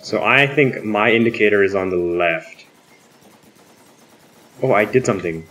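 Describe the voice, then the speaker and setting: A man playing a co-op racing game with a friend, chatting casually, excitable and swearing freely with loud outbursts. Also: fairly low pitch, unhurried. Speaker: game player. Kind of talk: casual let's-play chat.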